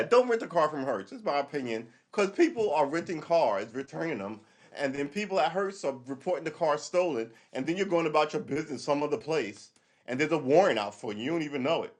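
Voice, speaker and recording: A man's voice: a little high, very animated, a little fast. A man hosting a livestream, delivering a casual, rambling monologue in a blunt, profane way. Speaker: livestream host.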